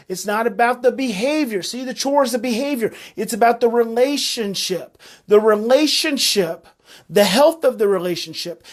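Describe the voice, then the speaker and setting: A man giving a live-streamed parenting talk, earnest and coaching, who repeats his key phrases like a refrain. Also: high-pitched. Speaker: parenting educator.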